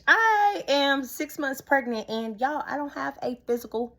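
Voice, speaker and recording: Young woman, lilt, pitched a bit high; expressive casual vlogger talking straight to viewers. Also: unhurried. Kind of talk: casual storytime monologue.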